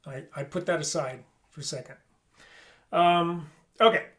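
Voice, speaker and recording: A man's voice: fairly high pitch, measured pace, a bit bright. A man teaching an online flute lesson, explaining articulation and singing rhythms on syllables.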